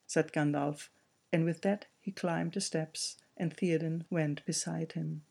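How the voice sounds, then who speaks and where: A man reading a fantasy novel aloud as an audiobook narrator, in a measured way. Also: a little high, fairly even intonation, creaky, darkish tone. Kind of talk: scripted narration.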